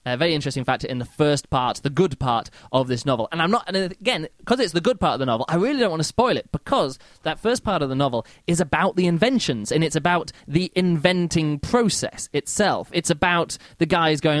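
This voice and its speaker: A man's voice: on the high side, fairly quick, no echo, clean studio sound. A man giving a casual spoken book review, rambling and chatty, full of fillers and mock-quoted reactions.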